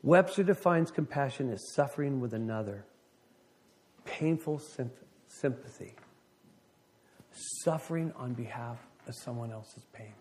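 A middle-aged man preaching a sermon, an animated storyteller who reads scripture and acts out the voices of people in his stories. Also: medium pitch, unhurried. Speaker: pastor.

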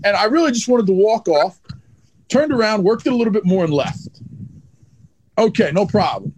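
A high-pitched man telling a blunt, profanity-laced backstage story with animated energy. His voice is recorded dry and close, with no room sound. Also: slightly rough, no room sound. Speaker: wrestling manager guest. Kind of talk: candid storytelling interview.

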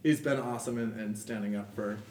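Young male podcast host, chatty and rambling, mid pitch, recorded off-mic in an echoey room. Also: steady tone, fairly quick, a little mellow, far from the mic. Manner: chatty, many fillers and laughs. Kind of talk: casual chat. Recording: roomy, off-mic with faint noise.

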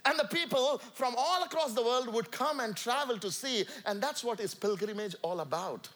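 A man's voice: very high voice, expressive, moderate pace. Emphatic Indian man preaching. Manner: emphatic, rising and falling between loud calls and quiet asides. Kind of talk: sermon. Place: church sanctuary.

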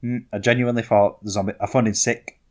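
Low-voiced young man. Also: flat delivery, fast. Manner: rambling, self-mocking, with frequent restarts. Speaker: podcast co-host. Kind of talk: casual storytelling chat.

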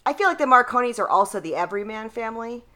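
A woman's voice: fairly high pitch, lively intonation, quick pace, pushed and bright. A woman co-hosting a casual TV recap podcast, talking with enthusiastic opinions. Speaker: podcast co-host. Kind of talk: casual chat.

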